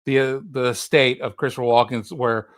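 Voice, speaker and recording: A man's voice: mid-range voice, steady tone, a little fast. A man hosting a casual movie podcast, retelling scenes and acting out quotes. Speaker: podcast host. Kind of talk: casual chat.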